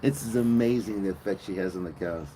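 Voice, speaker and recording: A man's voice: low-pitched, brisk, warm tone, slight background noise. A man hosting a live stream outdoors on a farm, chatting casually with viewers and telling crude, joking, rambling stories. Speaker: livestream host. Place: outdoors on a farm with cows nearby.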